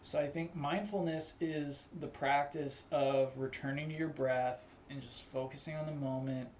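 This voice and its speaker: A young man with a slightly high voice talks loosely and at length, filling his sentences with "like" and slipping into short, heated quoted outbursts. A faint hiss sits under the recording. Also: fairly even intonation, moderate pace, a little mellow. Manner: loose and rambling, full of "like", acts out angry quotes. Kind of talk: casual spoken monologue.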